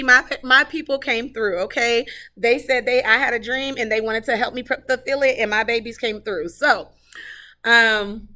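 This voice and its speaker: A woman's voice: a little high, pushed and bright. A woman who teaches third grade, giving a heartfelt, rambling tour of her classroom, talking casually with lots of fillers. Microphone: camera she carries while touring.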